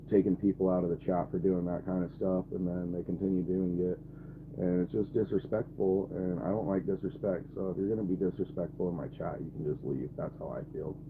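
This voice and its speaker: This twentysomething livestreamer speaks in a low voice from his camper, addressing his chat bluntly and with irritation, cursing frequently. Background noise is present, and the audio is tinny and phone-like with faint ambience.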